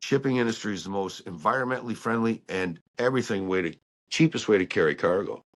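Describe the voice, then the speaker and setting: A man telling stories about working on ships in a casual, animated way. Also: on the low side, quick pace. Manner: animated storyteller who acts out quotes. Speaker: guest, ship engineer. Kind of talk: casual storytelling chat.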